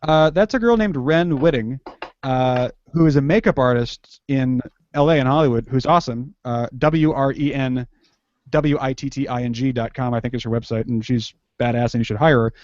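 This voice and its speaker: A man's voice: medium pitch, normal speed, a little mellow, no room sound. A young man chatting casually as a podcast guest, rambling and restarting his sentences and laughing often. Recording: dull lo-fi recording.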